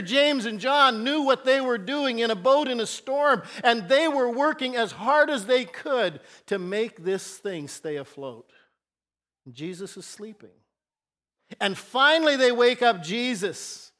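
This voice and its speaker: A man preaching a sermon as pastor, telling a Bible story earnestly and shifting between soft and loud emphasis. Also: very high-pitched, lively intonation, unhurried.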